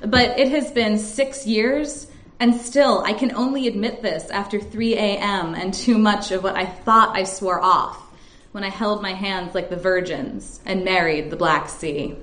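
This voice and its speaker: A woman poet at a live reading, chatting briefly with the audience and then reciting her poem in a measured way. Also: medium pitch, a bit bright. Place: stage at a live reading event. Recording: echoey room.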